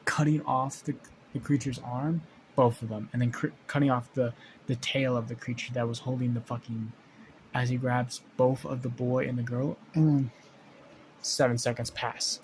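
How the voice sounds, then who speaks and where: A man's voice: mid-range voice, level tone, moderate pace, slight background noise, rough recording. A man improvising a fan story aloud, rambling with frequent restarts and casual swearing.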